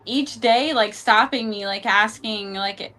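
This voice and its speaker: A woman's voice: on the high side, slow pace, bright, forceful tone. A woman guesting on a podcast, chatting casually and filling her speech with "like". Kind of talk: casual chat.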